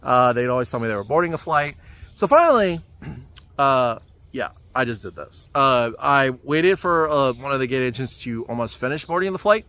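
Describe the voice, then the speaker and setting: A man telling a travel story in a casual vlog, animated and exasperated, with many fillers. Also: medium pitch, moderate pace. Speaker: travel vlogger.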